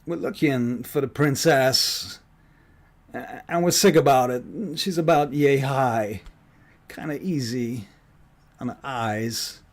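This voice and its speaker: A man's voice: mid-range voice, voice pushed up, close to an everyday voice. A man putting on a New York gangster voice, quoting a film character. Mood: gruff. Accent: New York, put on. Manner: loud, drawn-out, halting delivery.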